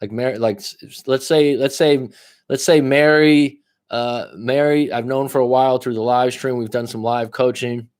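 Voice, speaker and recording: A man giving live coaching advice, blunt and full of profanity. He leans hard on key words, then drops into low asides. His voice sits at an everyday middle pitch. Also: moderate pace. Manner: blunt and profane, talking straight to a viewer; lively swings between loud emphasis and low asides. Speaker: life coach. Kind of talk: casual livestream coaching advice.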